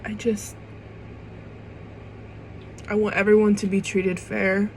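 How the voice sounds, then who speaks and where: A woman's voice: mid-range voice, little pitch movement, takes it slowly, a little hiss or hum, rough recording. A young woman vlogging to camera in an emotional personal monologue. She rambles and restarts, swears casually, and fights back tears.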